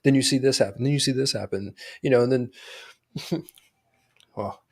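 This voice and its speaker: A man's voice: medium pitch, moderate pace, breathy edge. Amused man retelling scenes on a podcast. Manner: amused storyteller, acts out quotes. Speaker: podcast co-host. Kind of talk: casual chat.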